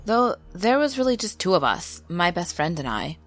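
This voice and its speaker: A woman calmly reading paranormal stories aloud as a channel's narrator, in a measured, scripted delivery. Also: on the low side. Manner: calm, measured storytelling read. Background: faint background music.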